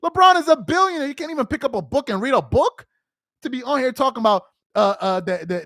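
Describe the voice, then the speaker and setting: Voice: high voice, lively intonation, quick pace, fairly bright tone, dry recording, studio quality. A livestream host giving live reaction commentary, emphatic and repeating phrases for effect.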